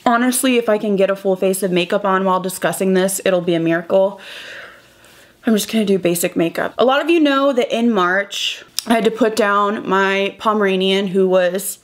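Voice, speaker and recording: A young woman beauty vlogger talking through a chatty get-ready-with-me, emotional and halting, close to tears. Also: medium pitch. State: close to crying.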